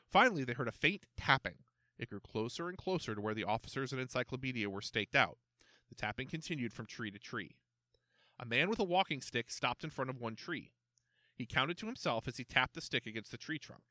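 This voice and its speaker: A man narrating a storybook aloud with a lively, swooping delivery. His voice is bright and forward. The sound is dry and close to the mic, with no room echo. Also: medium pitch, a little fast. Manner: expressive, animated reading.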